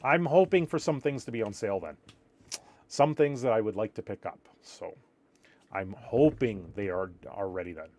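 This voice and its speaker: A man's voice: lowish voice, moderate pace, a little mellow. A man from Canada, rambling through a casual live stream, reacting to viewer chat and a little tired.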